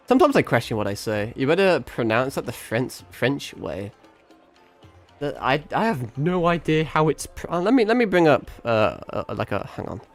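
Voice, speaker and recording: A British man streaming a game, his accent mixed with American and South African hints. He rambles playfully, swears often and breaks into laughs, his voice bouncing lively up and down at a middle pitch. Faint game music plays underneath. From Britain. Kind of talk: casual game stream chat.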